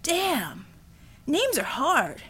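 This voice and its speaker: A woman's voice: sits high, huge pitch swings, drawn-out words, a bit bright, pitched above the performer's own voice, heavily acted. A woman voicing a big, dim-witted young male metahuman who blurts things out eagerly. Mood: eager dopey.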